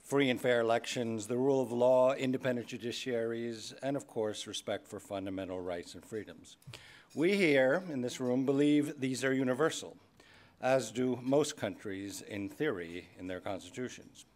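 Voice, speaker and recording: A man's voice: medium pitch, moderate pace, a little mellow. A man giving a keynote speech at a formal dinner, starting loose with fillers and turning firm and emphatic. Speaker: keynote speaker, head of state. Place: large banquet hall.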